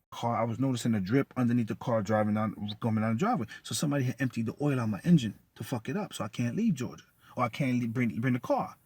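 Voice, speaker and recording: A man's voice: mid-range voice, lively intonation, quick pace, a bit bright, husky, no echo. A man telling a story in an agitated, profane rant, cursing and repeating himself. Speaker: vlogger.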